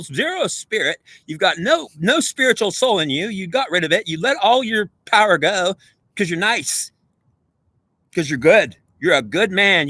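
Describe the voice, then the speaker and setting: A man's voice: high voice, sharp tone, breathy edge, no echo. A man delivering an intense, profane spiritual monologue straight at the viewer, lecturing and repeating himself. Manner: preachy, profane, repetitive, lecturing. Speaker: self-styled spiritual speaker.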